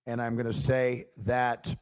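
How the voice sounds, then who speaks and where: A man's voice: mid-range voice, monotone. A man co-hosting a casual sports podcast, chiming in easily and agreeably. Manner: easygoing, agreeable, quick to chime in. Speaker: podcast co-host.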